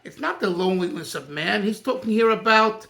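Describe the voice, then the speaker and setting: Rabbi guy with a really high bright voice, emphatic, keeps restarting mid thought. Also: animated, brisk, creaky. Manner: emphatic, thinking aloud, restarts often. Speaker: rabbi teaching a class. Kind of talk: animated Torah class discussion.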